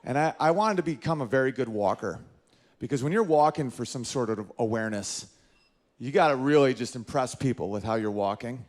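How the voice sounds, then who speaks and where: A northern New York comic with a medium-pitched voice talks a little fast during his club stand-up set. His storytelling is animated, and he performs the voices of the people he quotes.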